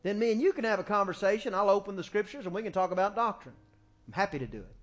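A middle-aged man preaching a folksy, animated sermon in a church, speaking into a handheld microphone. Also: sits high, fast talker, soft background music. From small-town US. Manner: folksy and animated, acting out family quotes. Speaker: pastor. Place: church sanctuary, music faint behind.

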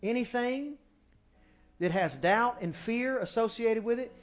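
A man with a strikingly high voice delivers a folksy, animated sermon in a church. He talks into a handheld microphone, and he often acts out bits of talk from his family. Faint music plays behind him. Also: measured pace. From small-town US. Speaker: pastor.

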